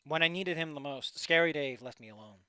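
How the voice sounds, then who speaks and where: A man's voice: on the high side, a little fast, sharp tone, clean tone, no echo. A man casually reading fan fiction aloud, with rambling, profane asides and a voice that is tiring. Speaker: story reader.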